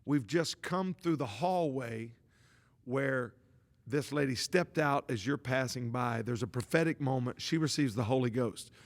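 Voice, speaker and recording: A man hosting a podcast, asking slow, probing questions of his guest. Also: mid-range voice. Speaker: podcast host. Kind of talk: interview questions. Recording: long room reverb.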